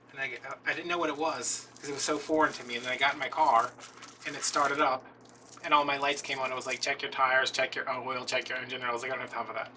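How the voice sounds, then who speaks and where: A man's voice: medium pitch, pushed and bright. A man chatting casually as a craft video host, telling a rambling, self-deprecating story about his day. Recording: distant mic with faint noise.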